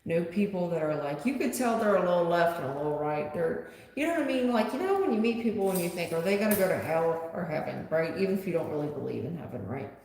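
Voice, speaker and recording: A woman's voice: on the low side, sing-song, fast, a little mellow. A woman tarot reader chatting bluntly with viewers on a live stream. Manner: blunt, chatty, talks straight to the chat. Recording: echoey room with long reverb.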